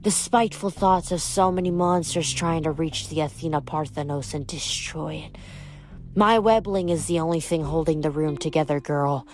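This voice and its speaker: Bitter monster spider, slow and hissing, read by a woman with a low voice. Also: darkish tone, faint music behind, lightly acted. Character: bitter vain giant female spider weaver. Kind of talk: audiobook reading.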